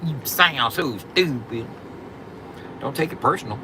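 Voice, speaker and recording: A man's voice: mid-range voice, lively intonation, unhurried, background noise. Boastful, profane man chatting to his livestream. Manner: boastful, profane, joking banter with chat; drawling, repeats "you know what I'm saying". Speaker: livestream host. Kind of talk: casual livestream chat.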